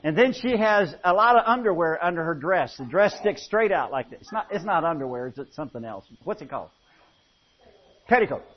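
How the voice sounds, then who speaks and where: A man's voice: a little high, animated, fairly quick. A man preaching a sermon, telling folksy, humorous stories and often restarting his phrases. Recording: dull lo-fi recording.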